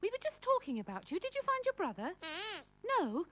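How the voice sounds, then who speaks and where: A woman presenting a children's puppet show, chatting to puppets in an animated, exaggerated way. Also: very high voice, fairly quick, slight background noise.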